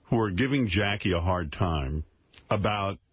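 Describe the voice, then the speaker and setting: A man's voice: low-pitched, lively intonation, a little slow, husky, dry recording. A man hosting a radio show, talking casually and mocking a bad film clip with his co-hosts. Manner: sarcastic, mocking. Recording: slightly dull radio broadcast sound.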